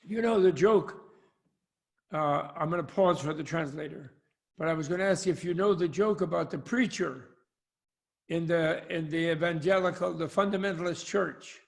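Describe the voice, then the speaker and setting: A man's voice: on the high side, normal speed, vocal fry. An older man, a Buddhist scholar, talking over a video call in a rambling, anecdotal way with frequent chuckles. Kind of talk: discussion with jokes. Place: home, online talk.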